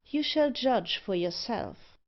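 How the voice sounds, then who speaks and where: A woman voicing a suave, wealthy male tempter with a mocking, devilish air, delivering his lines slowly and deliberately. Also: fairly high pitch, sing-song, creaky, heavily acted. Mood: smooth. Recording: dull lo-fi audiobook recording.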